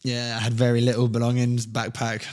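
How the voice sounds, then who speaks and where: A man's voice: mid-range voice, monotone, brisk, a little mellow. A man, a fitness coach, telling easygoing, rambling stories as a podcast guest. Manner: easygoing, rambling, many restarts. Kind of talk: casual storytelling.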